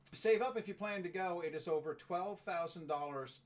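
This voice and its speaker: A man's voice: high voice, slow. Guy hosting a chat show, reads stuff out, trips over words, jokey asides. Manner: chatty, reads facts aloud with stumbles and asides. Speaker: show host. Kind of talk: casual chat.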